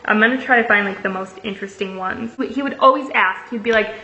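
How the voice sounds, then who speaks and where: Chatty young woman with a bright voice. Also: mid-range voice, quick pace. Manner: chatty, swears freely, many fillers. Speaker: vlogger. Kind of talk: casual storytime, reading messages aloud. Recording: echoey room, slightly muffled.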